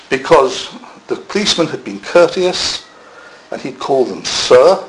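A man's voice: medium pitch, very animated, measured pace, low-quality recording. A man preaching a sermon in a church, conversational, with self-deprecating asides.

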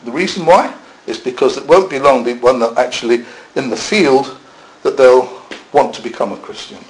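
A man's voice: medium pitch, normal speed, poor audio. A man preaching a sermon in a church, conversational, with self-deprecating asides.

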